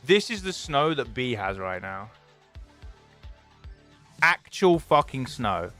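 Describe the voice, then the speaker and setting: A young British man chatting casually on a stream, excitable and swearing freely, swinging between loud enthusiasm and mock gloom. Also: mid-range voice, slow pace, faint music behind.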